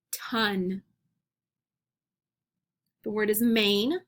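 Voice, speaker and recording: A woman teacher leading young children through a phonics lesson, speaking clearly and encouragingly and repeating each word, recorded on a computer at home. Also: medium pitch. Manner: slow, clear, encouraging classroom delivery with repeated words.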